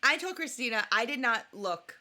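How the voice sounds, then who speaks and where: A woman co-hosting a podcast in casual chat, animated and joking as she rambles into her microphone. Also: on the high side, moderate pace. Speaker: podcast co-host.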